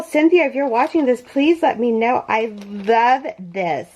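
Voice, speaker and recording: Woman, crochet vlog host, higher voice, slow unhurried speech, effusive, near tears. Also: lively intonation, a little mellow. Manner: effusive, gushing thanks. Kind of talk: casual unboxing vlog. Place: home yarn room.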